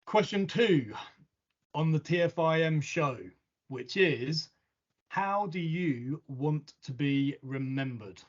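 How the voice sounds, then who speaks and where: A man's voice: on the high side, expressive, slow pace, muffled recording. A man hosting a casual podcast interview, joking and swearing informally. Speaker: podcast host.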